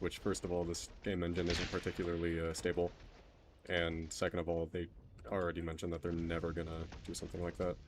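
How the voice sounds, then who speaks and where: A man's voice: sits low, a little mellow, slight background noise. A man streaming a video game, rambling casually, mocking himself and trailing off mid-sentence. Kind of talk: casual gameplay commentary.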